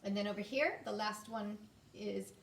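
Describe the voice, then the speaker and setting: A woman teaching a phonics lesson to young children, sounding words out slowly and inviting them to repeat after her. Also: medium pitch, echoey room, far from the mic, a little hiss or hum. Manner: slow, drawn-out sounding out of words.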